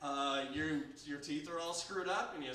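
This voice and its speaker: Young man, stand-up comedian, self-deprecating, high voice, roomy bar, distant camera recording. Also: normal speed, background noise. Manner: self-deprecating storytelling, laughing at own jokes. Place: small bar stage. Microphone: handheld camera recorder in the audience. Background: audience laughter.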